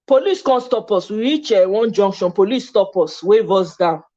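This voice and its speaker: A woman's voice: medium pitch, animated, moderate pace, dark tone. Passionate Nigerian woman, lo-fi sound. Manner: passionate, switching between English and Pidgin. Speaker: host. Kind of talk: casual livestream talk.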